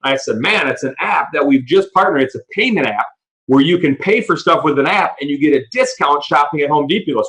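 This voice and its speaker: A man presenting a business opportunity on a call, excitedly telling stories and acting out the dialogue. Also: fairly high pitch, poor audio. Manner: excited storyteller, acts out quoted dialogue; talks fast, restarts sentences when fired up. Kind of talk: animated sales pitch on a call. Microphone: audio call.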